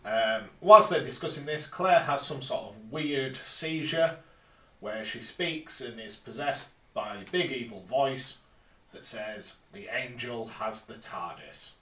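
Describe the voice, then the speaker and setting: A man's voice: mid-range voice, lively intonation, takes it slowly, fairly bright tone. A man recapping an episode plot step by step on a casual podcast, with dry little asides. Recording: roomy, distant mic.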